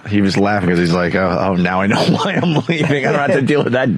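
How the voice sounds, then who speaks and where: A man co-hosting a radio show with wry, quick jabs. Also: fairly low pitch, very animated, over a noisy crowd. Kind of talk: irreverent radio talk.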